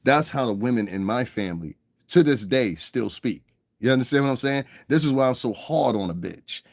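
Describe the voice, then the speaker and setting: A man's voice: mid-range voice, expressive, fairly quick, creaky, dry recording. A man holding forth on a livestream in a mid-range voice, rambling from rant to anecdote. He swears freely, laughs at his own stories and keeps checking that you follow him. The sound is dry and close. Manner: profane, rambling, keeps asking "you understand what I'm saying", laughs often. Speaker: livestream commentator. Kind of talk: rambling casual livestream commentary.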